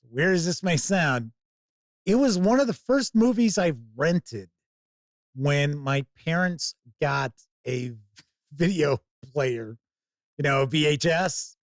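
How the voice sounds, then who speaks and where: A man hosting a tabletop gaming livestream in casual, unhurried chat. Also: fairly high pitch, no room sound, studio quality. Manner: unhurried, relaxed talk with fillers. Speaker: host.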